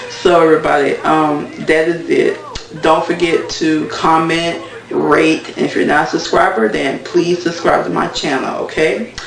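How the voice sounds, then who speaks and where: A man talks through a TV episode in a loose, rambling way, leaning on fillers as he goes. His voice sits a little high with a gravelly edge. The sound is roomy and echoey, as if the mic stands some way off. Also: steady tone, a little slow. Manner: rambling, filler-heavy retelling. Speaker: TV recap vlogger. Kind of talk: casual episode recap. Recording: echoey room, mic at a distance.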